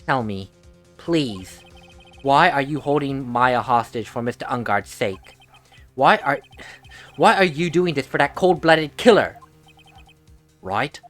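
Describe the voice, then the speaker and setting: A woman's voice: extremely low pitch, lively intonation, slow, long pauses, faint music behind, heavily acted. A woman voicing an earnest young male defense attorney who stammers when shaken. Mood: urgent. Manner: urgent, stammering. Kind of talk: fan voice-over of a game.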